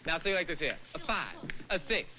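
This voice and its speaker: Man teaching dance on stage, high voice, counts out beats n scats da-da rhythms, super animated. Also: brisk, background noise. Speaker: dance company director. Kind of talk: lecture-demonstration to an audience.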